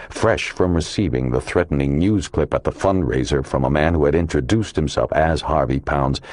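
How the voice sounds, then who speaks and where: A man with a very deep, low, darkish voice reads a crime audiobook in measured, scripted narration. The recording is dry and close, with no room sound or echo.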